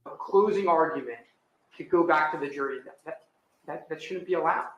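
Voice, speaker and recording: A man's voice: a little high, brisk, a bit bright, dull audio. Man arguing firmly in echoey courtroom. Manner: firm, citing case law. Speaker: defense attorney. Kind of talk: courtroom argument.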